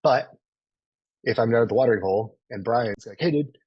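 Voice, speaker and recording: A man's voice: medium pitch, fairly even intonation, a little fast, slightly rough, dry recording, dull audio. A man in his thirties coaching a group in a live online training, casual and profane, always checking in with "right?". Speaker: sales coach.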